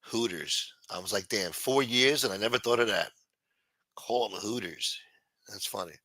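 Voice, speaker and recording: A man's voice: on the low side, animated, a little fast, bright, forceful tone, no room sound, clean studio sound. A man hosting a livestream, talking crudely and mockingly while reacting to his chat and thanking supporters. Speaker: livestream host. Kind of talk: profane casual commentary.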